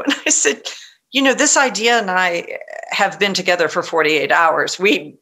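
A middle-aged woman novelist telling stories in a conversational interview, animated and full of restarts. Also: fairly low pitch, normal speed. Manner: animated, frequent restarts, quotes others in lively voice. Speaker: novelist guest.

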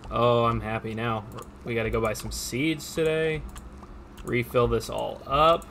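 A chatty, upbeat man talks through his farming game on a live stream, greeting viewers between tasks. His voice sits at an ordinary middle pitch. Faint keyboard typing and a light hum stay in the background. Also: flat delivery, measured pace, a bit bright.

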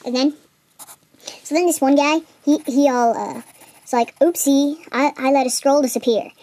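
Rambling high-voiced young girl. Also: a little mellow, slight background noise. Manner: rambling, lots of fillers and restarts. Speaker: video maker retelling a game. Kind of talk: casual storytelling while drawing.

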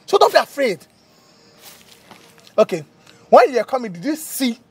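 A man with a Nigerian accent performing a comedy skit, talking boastfully and breaking into panicky shouting. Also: very high voice, big pitch swings, normal speed, slightly rough, soft background music.

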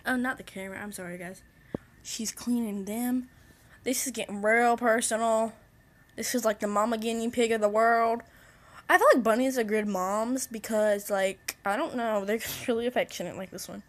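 A woman's voice: mid-range voice, fairly quick. A young woman chatting casually in her daily vlog from her bedroom, rambling and cooing at her pets. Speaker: vlogger. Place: bedroom at home.

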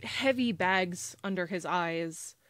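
Unhurried woman game master. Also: fairly low pitch. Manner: relaxed, many fillers. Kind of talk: narrating a tabletop game. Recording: faint background music.

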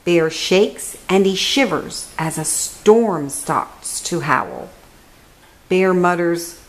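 A woman reading a children's picture book aloud, slow and expressive, dropping to a hush on key words. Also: fairly low pitch, rough recording.

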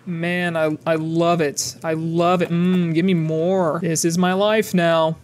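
A man giving sarcastic, profane commentary while playing a game, often yelling at the game characters. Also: a little high, level tone, slow, slight background noise. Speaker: gaming YouTuber. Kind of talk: casual gameplay commentary.

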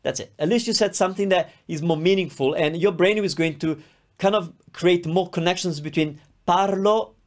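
Gravelly-voiced male language teacher. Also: fairly high pitch. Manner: patient explaining, drills words aloud with stressed syllables. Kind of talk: recorded online lesson.

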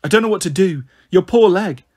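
A man's voice: high-pitched, lively intonation, a little fast, mellow, slightly rough, pitched above the performer's own voice. A man voicing a frightened young girl comforting her siblings, pleading and anxious.

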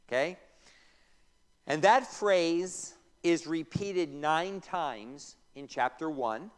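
Slow, animated pastor in a church hall. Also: male voice, fairly high pitch. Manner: joking asides, reads scripture aloud, quizzes the class. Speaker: pastor teaching a Bible class. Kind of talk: informal Bible class teaching. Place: church room.

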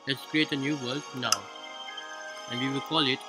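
A gaming YouTuber with a non-native English accent narrates a let's-play in formal, slightly stilted phrasing, explaining the game as he goes. His medium-pitched voice keeps a steady tone at a moderate pace. Loud music plays behind him, and the low-quality home mic gives a poor recording.

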